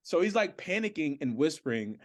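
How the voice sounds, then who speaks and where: A man's voice: a little high, sing-song, fairly quick. A comedian guest telling a story in casual podcast chat, acting out his friends' lines with swearing and laughter.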